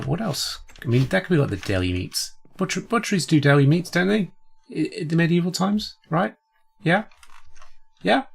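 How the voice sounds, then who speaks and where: Husky, gravelly man narrating gameplay. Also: medium pitch. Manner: rambling, chatty, self-deprecating. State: sick with a cold. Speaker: let's play host. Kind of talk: casual gameplay commentary.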